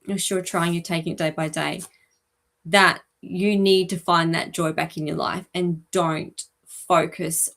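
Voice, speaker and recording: A woman hosting a live stream as an animal communicator, talking gently and chattily with many ums and asides. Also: lowish voice. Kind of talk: live-stream reading for viewers.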